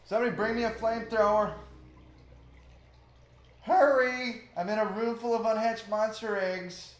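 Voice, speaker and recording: A man voicing a panicky, dim-witted spaceship captain who yells in a high, frantic voice. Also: very animated, slow pace, full character voice. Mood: panicked.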